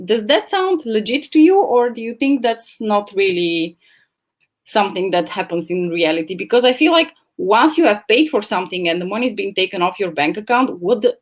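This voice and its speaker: Chatty woman on a laptop livestream, talks blunt, swears a bit, middle pitch. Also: expressive, moderate pace. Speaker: livestream host. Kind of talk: casual chat. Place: home, at a laptop. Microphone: laptop camera mic.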